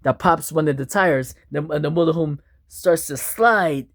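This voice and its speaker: A man's voice: on the high side, no room sound, clean studio sound. A man telling an improvised spooky, funny story with many restarts and asides. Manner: unhurried, animated, with restarts.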